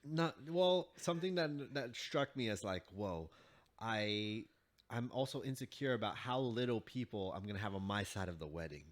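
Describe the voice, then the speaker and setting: A man's voice: on the low side, expressive, normal speed. A man co-hosting a casual chat podcast, joking, laughing often and trailing off mid-sentence. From New York. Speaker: podcast co-host.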